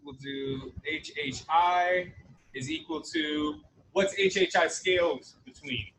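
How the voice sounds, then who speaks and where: A man's voice: a little high, big pitch swings, slow pace, a bit bright, a little hiss or hum, low-quality recording. Chatty young man lecturing economics. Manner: chatty, jokey asides, frequent "right?". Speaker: college economics instructor. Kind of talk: casual recorded online lecture.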